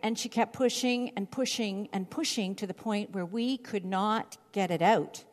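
A middle-aged woman giving Bible teaching, reading scripture aloud and telling stories in an expressive way. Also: mid-range voice, measured pace. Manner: expressive, storytelling delivery. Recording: long hall reverb.

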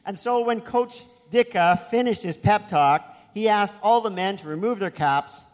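A man's voice: sits high, normal speed, big-room sound. A man preaching a sermon as pastor, telling a story in a conversational way with asides.

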